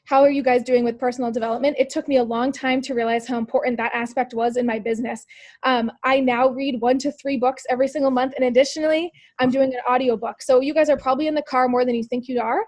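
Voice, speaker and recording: A woman with a high, steady, slightly mellow voice talks fast while leading a motivational team call for sales, captured in a dry recording. She's upbeat and peppy, coaching her listeners directly, firing rhetorical questions and saying "like" and "you guys" a lot.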